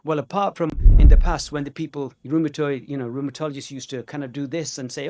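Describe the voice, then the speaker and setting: A man's voice: fairly high pitch, fairly even intonation, fast talker, few pauses, warm tone. A man giving a conversational, joking medical conference lecture, with many fillers. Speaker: conference speaker.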